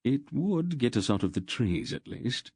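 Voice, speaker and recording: A man's voice: mid-range voice, sing-song, a little slow, vocal fry, darkish tone, husky, no room sound, pitched above the performer's own voice, heavily acted. A man voicing a nervous male thief who speaks in a dry, sardonic way, as a storybook figure. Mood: wry.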